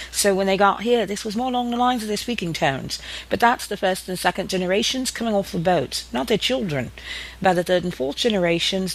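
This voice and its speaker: A man's voice: high voice, a bit bright, low-quality recording. A man with a Southern American accent gives an explanatory monologue about accents, shifting into regional accents to demonstrate them. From Southern United States.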